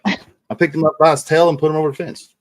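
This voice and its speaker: A man's voice: a little high, flat delivery, fast, no room sound. A man chatting casually on a livestream, teasing and swearing while scolding his dog.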